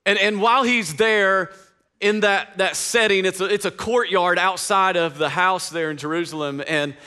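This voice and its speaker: A man's voice: sits high, normal speed, bright, forceful tone, clear, resonant tone. A male pastor preaching a sermon in a casual, slangy, conversational way with frequent asides to the congregation.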